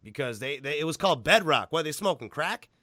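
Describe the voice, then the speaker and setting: A man hosting a podcast, excitable and foul-mouthed, his pitch jumping all over the place. His voice is bright and a little high, recorded dry and close. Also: fairly quick, no echo. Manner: excitable, profane, laughs loudly. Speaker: podcast host. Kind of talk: casual chat.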